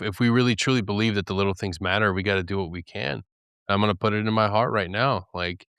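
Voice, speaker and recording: Man, deep smooth voice, candid and earnest in podcast talk, dry close sound. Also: a bit bright, no room sound. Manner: earnest, candid storytelling with acted quotes and laughs. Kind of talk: casual podcast chat.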